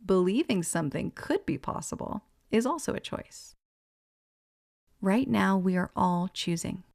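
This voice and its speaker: A woman relaying a channeled spiritual message, gentle and musing, passing on what she hears and sees and often laughing. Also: medium pitch, lively intonation, measured pace, vocal fry.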